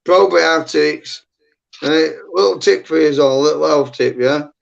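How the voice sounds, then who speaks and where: Man, middle-aged, gravelly rough voice, rambling and blunt, muffled lo-fi stream audio. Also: on the high side, a little slow. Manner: rambling, blunt, heavy swearing. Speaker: livestream guest. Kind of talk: casual chat.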